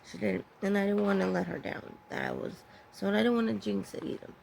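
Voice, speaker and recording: A woman telling a personal story in a candid, halting way, pausing and correcting herself as she goes. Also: mid-range voice, vocal fry, a little mellow, slight background noise, rough recording. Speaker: vlogger sharing her own story.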